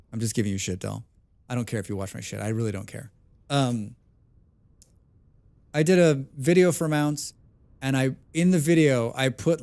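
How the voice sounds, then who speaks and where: Loud excitable man streaming a game. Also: fairly high pitch, clean tone, no room sound. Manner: loud and excitable, calls himself a passionate speaker. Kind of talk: live stream commentary, chatting with viewers.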